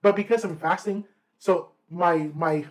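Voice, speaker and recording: A young man co-hosting a podcast, casually telling a story in a rambling, animated way with slang and fillers. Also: high-pitched, unhurried, low-quality recording. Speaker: podcast co-host.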